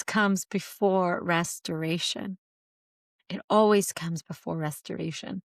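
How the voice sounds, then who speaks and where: Lady host doing a reflective faith talk, kinda low voice, earnest and repetitive, dry sound. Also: takes it slowly, dry recording. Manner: earnest, repetitive emphasis, quotes scripture. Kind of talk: reflective spoken teaching.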